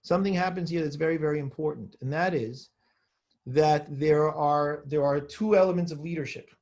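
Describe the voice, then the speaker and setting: A man with a fairly high voice leads a text class as a rabbi. He rattles through lists of names quickly, then slows down to stress a point and puts questions to his students. He sounds middle-aged, in a steady teaching manner. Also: lo-fi sound. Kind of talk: lesson reading and explaining a text.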